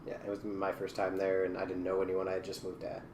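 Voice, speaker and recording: A man hosting a podcast, chatting in a relaxed, friendly way with fillers, recorded in an echoey room. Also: deep voice, quick pace, distant mic. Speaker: podcast host. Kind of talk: casual interview chat. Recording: echoey room, faint noise.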